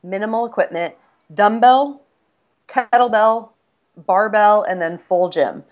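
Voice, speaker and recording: A woman's voice: mid-range voice, a little slow. A woman fitness coach chatting casually, explaining her workout program enthusiastically with frequent restarts. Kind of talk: casual conversation. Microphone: phone or online call.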